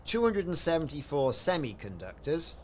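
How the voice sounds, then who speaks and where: A man's voice: fairly high pitch, very animated, normal speed, slight background noise. A man chatting casually while live-streaming a game, rambling and answering viewers. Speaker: livestreamer.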